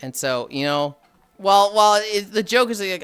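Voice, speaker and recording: A streamer chatting with viewers in an easy, rambling way, often sighing and laughing between stories. The voice is bright and crisp, and faint music plays behind. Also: medium pitch, big pitch swings, moderate pace. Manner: chatty storytelling, frequent sighs and laughs. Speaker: livestreamer. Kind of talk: casual live-stream chat.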